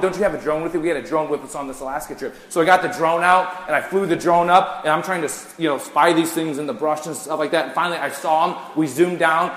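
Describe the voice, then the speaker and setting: A man delivers a sermon in a fairly high voice, dropping to hushed intensity and then climbing into loud, lively storytelling. The sound carries the long, roomy echo of a church sanctuary. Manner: animated preaching, swings from hushed to loud. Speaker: pastor. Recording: echoey church hall.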